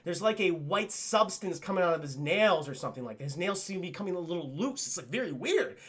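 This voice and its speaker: A man's voice: high voice, expressive, fast, a bit bright, slightly rough. A man recapping a film scene by scene for his live chat. He talks animatedly, swears, laughs often and keeps calling out to the chat. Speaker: streamer, film reviewer.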